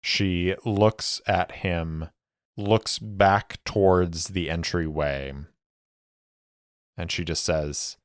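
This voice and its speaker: Deep-voiced man narrating a solo tabletop game. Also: fairly even intonation, extremely slow, dry recording, clean studio sound. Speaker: solo game master and podcast host.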